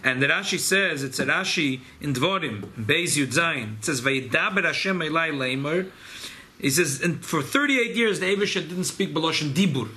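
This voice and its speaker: A man teaching a Torah class to a small gathering, animated and emphatic, sprinkling in Hebrew and Yiddish terms. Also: a little high, normal speed, few pauses. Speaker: rabbi leading a study gathering.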